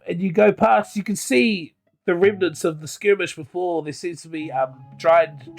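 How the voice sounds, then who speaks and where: A man's voice: fairly high pitch, creaky. A man narrating as game master of a tabletop game, hesitant and full of filler words.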